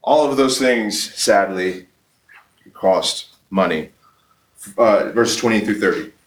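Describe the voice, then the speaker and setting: A man's voice: on the low side, lively intonation, slow pace, a little hiss or hum. A man in his thirties giving a live conference talk. He speaks emphatically, fires off rhetorical questions and often restarts his sentences. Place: conference session room. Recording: roomy, distant from the mic.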